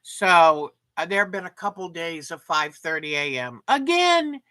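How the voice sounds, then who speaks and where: An older woman hosts a relaxed livestream, chatting at an unhurried pace. Her voice is slightly low yet bright and forward, and she reads viewer comments aloud with easy enthusiasm. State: sleepy, yawning. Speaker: livestream host. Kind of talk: casual livestream chat.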